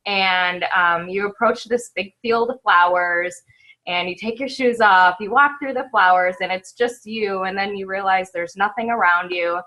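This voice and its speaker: Woman, bright clear voice, heartfelt and halting, video call from home. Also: medium pitch, poor audio. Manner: emotional, halting, tearful at times, apologizes often. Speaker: event attendee sharing a recap. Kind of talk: casual video call recap.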